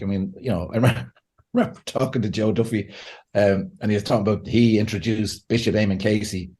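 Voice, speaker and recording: A man, a pastor and counselor, talking as a podcast guest in a lively way, often laughing and acting out what people say. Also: on the low side, fairly quick. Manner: animated, laughs often, acts out quotes. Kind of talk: conversational podcast interview.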